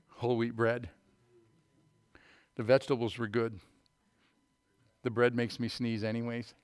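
A middle-aged man preaching a sermon, telling folksy stories before reading scripture in a loud, emphatic voice. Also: medium pitch. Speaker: pastor.

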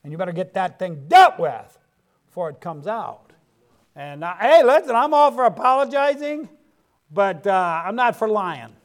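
Folksy high-voiced male preacher. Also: very animated, moderate pace. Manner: folksy preaching, frequent "amen" asides. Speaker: pastor. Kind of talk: sermon.

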